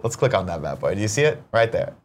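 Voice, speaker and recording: A man hosting a morning show with quick, joking, profane banter in casual live-stream chat. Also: on the low side, sing-song.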